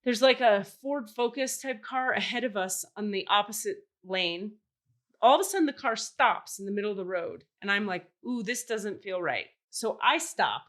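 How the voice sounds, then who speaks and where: A woman on a podcast launches into a long story in relaxed chat. She gets animated, swears freely and acts out the voices of the people in it. Her voice sits at an ordinary middle pitch. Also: moderate pace. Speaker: podcast host.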